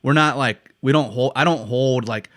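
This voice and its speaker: A young American man co-hosts a podcast, chatting casually while swearing heavily and laughing as he tells stories. His voice is medium-pitched and slightly bright, at a normal speed. The recording is studio quality with no room sound.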